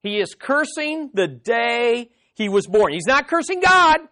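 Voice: medium pitch, big pitch swings, measured pace, sharp tone. A Bible teacher giving an emphatic study lesson to a live group, often putting questions straight to the listeners and repeating words to press a point.

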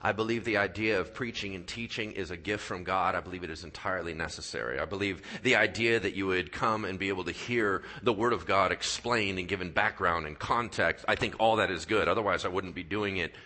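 A male pastor preaching a sermon in church, telling stories with acted-out voices and dropping to quiet, earnest tones for his key points. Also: low-pitched, fairly quick, hardly any pauses. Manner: animated storyteller, acts out voices and sound effects. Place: church sanctuary.

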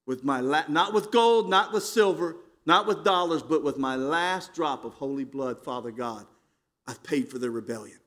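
A man's voice: on the high side, lively intonation, normal speed, fairly bright tone, voice pushed down. A man preacher acting out the cries of a dying man on a cross, anguished and pleading. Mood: solemn.

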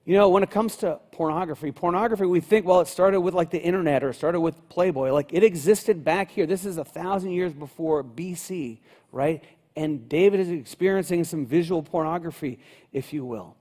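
Male pastor, conversational sermon delivery, mellow and fairly high voice. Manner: conversational preaching, acts out David's lines.

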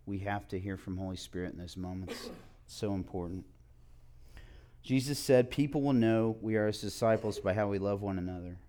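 Earnest man teaching, low mellow voice. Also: normal speed, slight background noise. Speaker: church teacher. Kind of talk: teaching talk to a group.

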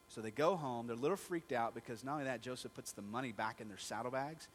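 A man's voice: mid-range voice, fast, few pauses, a little hiss or hum. A male pastor preaching a sermon in a conversational storytelling manner, asking the congregation rhetorical questions.

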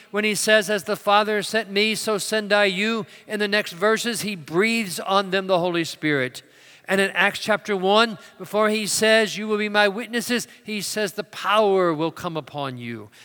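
A man delivering a sermon in a large church sanctuary, his voice bright and fairly high. He swings from loud, emphatic declarations down to quiet storytelling, and a long reverb trails after his words. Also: clear, resonant tone. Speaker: preacher.

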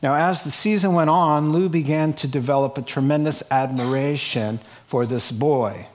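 A man preaching a sermon, telling a scripture story in an animated way with chuckling asides and acted-out quotes. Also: a little high, moderate pace. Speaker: pastor.

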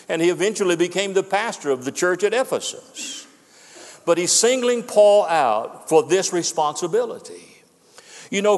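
Older male pastor, earnest and emphatic, slightly higher voice, church reverb. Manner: earnest, emphatic preaching with repetitions. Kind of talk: farewell sermon. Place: church sanctuary. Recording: long hall reverb.

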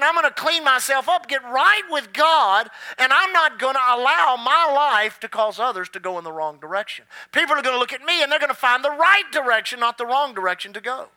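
A man preaching a sermon as a pastor, telling stories and drawing out key words slowly for emphasis. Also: extremely high pitch, sharp tone, no room sound.

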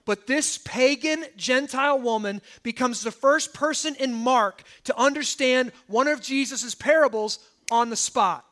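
A man delivers a sermon in a loose, conversational style, often stopping to ask "right?" or "okay?". His voice sits very high for a man and sounds bright and forceful. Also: measured pace. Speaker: pastor.

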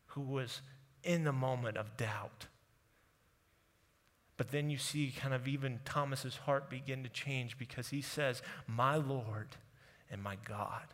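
A man of middle pitch delivers a sermon, retelling the story and slipping into casual voices for its people. His words ring out with a long reverb, as though spoken in a church hall. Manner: animated storytelling, acting out quotes in casual voices. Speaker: pastor.

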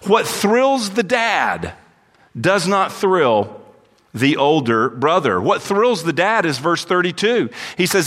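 A man's voice: high voice, big pitch swings, slow pace, fairly bright tone. A male pastor preaching an expository sermon in a church, reading scripture aloud and then explaining it verse by verse. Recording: long hall reverb.

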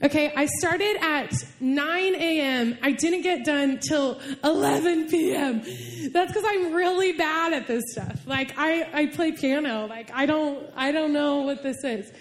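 High-voiced chatty woman preaching. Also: unhurried. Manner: chatty, many "like"s, emotional storytelling. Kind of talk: casual personal sermon.

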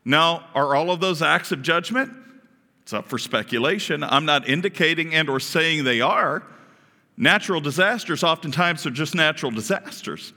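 Male pastor, bright, conversational sermon, reverberant church hall. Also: fairly high pitch, normal speed. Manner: animated, conversational, asks the congregation questions.

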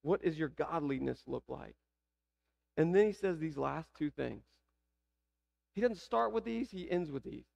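High-voiced Southern preacher, gravelly tone. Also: male voice, animated, measured pace, pauses often, darkish tone. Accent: Southern American. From American South. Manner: preaching with rhetorical questions to the congregation. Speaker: pastor. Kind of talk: sermon.

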